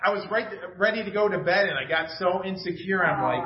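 In a small church room, a middle-aged pastor preaches an informal, conversational sermon, poking fun at himself and asking the room questions. His voice sits high and he talks briskly. The recording is echoey and dull, taken from far off, with a little hiss or hum.

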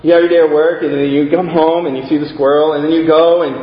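High-voiced animated preacher in an echoey hall. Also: male voice, quick pace, lo-fi sound. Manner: animated storytelling, rising to excited exclaims. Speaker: pastor. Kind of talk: sermon.

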